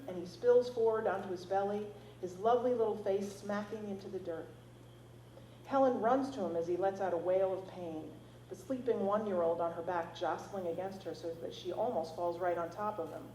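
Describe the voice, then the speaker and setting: A woman author reads from her novel at a library event. She is expressive and drops in casual asides. The sound is roomy, with a faint hum behind her. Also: mid-range voice. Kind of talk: reading her novel aloud.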